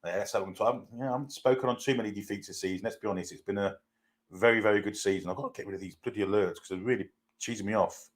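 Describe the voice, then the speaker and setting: Bloke with a lowish voice running a live watchalong, chatty, greets everyone in chat. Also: male voice, rapid-fire. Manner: chatty, reads out viewer comments and greets them one by one; casual, with frequent "uh" and self-corrections. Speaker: host of a football fan channel.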